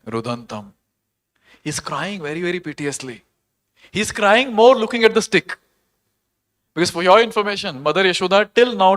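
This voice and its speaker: A man with a slightly raised pitch tells a sacred story at a temple talk. He speaks earnestly and with animation, pausing often to ask his listeners questions. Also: a bit bright. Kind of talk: devotional storytelling lecture.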